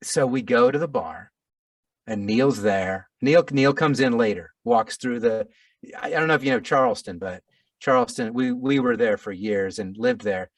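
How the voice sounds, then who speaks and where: A middle-aged man, an audiobook narrator, telling a story in a casual interview, animated and self-deprecating with frequent restarts. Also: mid-range voice, moderate pace, no room sound, far from the mic.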